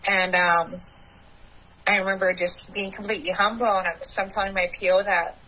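A woman's voice: mid-range voice, fairly even intonation, normal speed, bright, forceful tone, slightly rough, low-quality recording. A young woman, a podcast guest, candidly and emotionally telling her personal recovery story.

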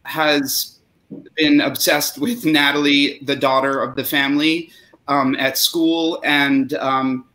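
A man's voice: on the high side, flat delivery, slow pace, bright, forceful tone. A man guest on a video call, hesitant and searching for words. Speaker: guest actor. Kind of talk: casual chat over video call. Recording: roomy echo.

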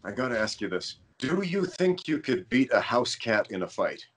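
A man's voice: medium pitch, big pitch swings, moderate pace, fairly bright tone, slightly rough. A man hosting a podcast, telling a rambling story in casual conversation and stumbling over his words now and then. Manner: rambling storyteller, self-aware about stuttering. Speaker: podcast host.

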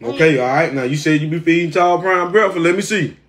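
A man's voice: a little high, quick pace, a bit bright. A man, teasing a family member in casual vlog banter. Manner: teasing, drawling Southern slang.

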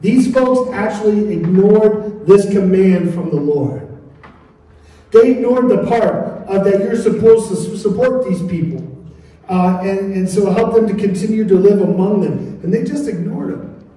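Earnest high-voiced preacher in an echoey church. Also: male voice, expressive, unhurried, warm tone, distant mic. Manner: earnest, calls on the congregation. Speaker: pastor. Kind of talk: sermon. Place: church sanctuary.

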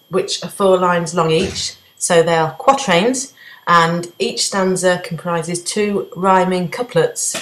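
A woman gives a revision lesson on a poem, laying out each point in clear, methodical steps. Her voice sits low, and the room around her is echoey. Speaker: English literature teacher.

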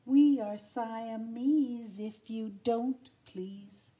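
An older woman puts on a pair of crafty storybook cats that drawl their words in a slow, sly sing-song. The voice is warm and unhurried, dragging each phrase out with a sneer. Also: a little high.

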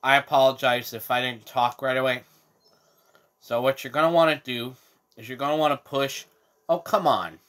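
A man's voice: mid-range voice, steady tone, normal speed, a bit bright. A man narrates his gameplay in a casual walkthrough, talking straight to his viewers. He is chatty and keeps checking that they are following along. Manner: chatty, addresses viewers, frequent "okay?" checks. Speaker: gaming channel host. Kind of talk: casual game walkthrough commentary.

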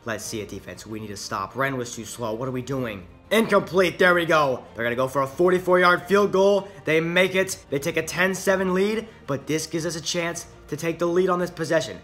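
Upbeat male gaming host, bright tone, talking through his football game play by play. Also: a little high, fairly quick, few pauses, soft background music. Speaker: gaming YouTuber. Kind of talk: casual gameplay commentary.

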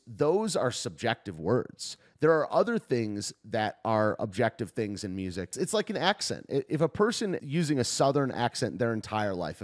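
A man's voice: mid-range voice, a little mellow. A man hosting a video, giving tentative, off-the-cuff commentary as he thinks aloud and reacts to a clip.

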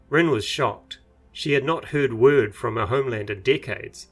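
A man reading his own fantasy novel aloud in measured, even audiobook narration. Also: mid-range voice, breathy edge, faint music behind.

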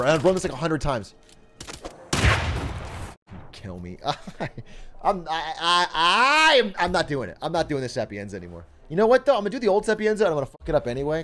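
Young man, gameplay commentary, high voice, wildly swinging pitch, swears and laughs a lot. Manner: excitable, swears a lot, laughs often, frustrated outbursts. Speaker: streamer speedrunning a video game.

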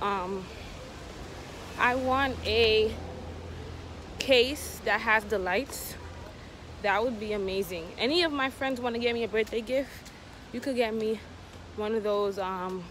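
A young woman chatting casually to her vlog viewers, rambling and calling them y'all, filmed at home and then out on a rainy street. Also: mid-range voice. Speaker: vlogger. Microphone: clip-on mic and phone camera. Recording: noisy phone vlog audio.

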